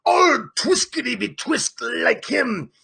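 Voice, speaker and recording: Struggling harpooneer, voiced by a man: high, raspy, hunting for every word. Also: very animated, slow pace, pushed and bright, full character voice. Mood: groping. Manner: faltering, groping for words. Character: halting male tribal harpooneer, broken speech.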